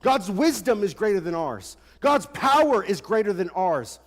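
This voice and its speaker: A young male pastor preaching in a casual, animated way, throwing out rhetorical questions. His voice sits a bit high for a man. It carries the long reverb of a large church hall. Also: normal speed. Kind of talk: sermon.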